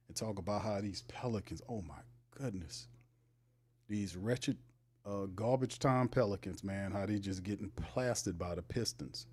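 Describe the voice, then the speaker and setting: Animated New man hosting sports talk. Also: on the low side. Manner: animated, teasing banter with viewers in the chat; loose slangy talk with frequent laughs. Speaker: sports show host. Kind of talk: casual livestream sports talk.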